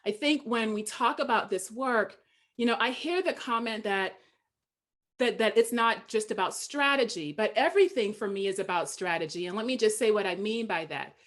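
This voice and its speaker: A woman from Charleston, South Carolina with a Southern accent speaks as the dean of a school of education. She is earnest and measured, with a mid-range voice. She sounds like she is on a video-call panel. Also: medium pitch, fairly bright tone. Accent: Southern American. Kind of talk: panel discussion.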